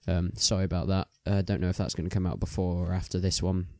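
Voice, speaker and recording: A man's voice: deep voice, steady tone, fast talker, dark tone, dry recording, clean studio sound. A young man chatting casually as he plays a game, rambling with many ums and restarts. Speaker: gaming video host.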